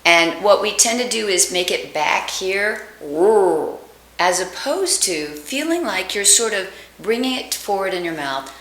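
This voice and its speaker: A woman, an acting coach giving a lesson and slowly sounding out vowels to demonstrate them. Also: mid-range voice, animated, fairly bright tone. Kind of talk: accent reduction lesson. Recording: echoey room.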